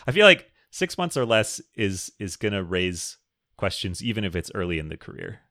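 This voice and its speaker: A man's voice: fairly low pitch, big pitch swings, normal speed, a bit bright, no room sound, studio quality. A man co-hosting a podcast, chatting casually, laughing often and reading listener questions aloud. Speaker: podcast co-host. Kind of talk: casual chat.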